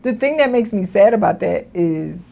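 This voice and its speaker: A woman co-hosting a casual commentary chat, animated and laughing, with mock-outraged asides. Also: mid-range voice, moderate pace, creaky. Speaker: podcast co-host.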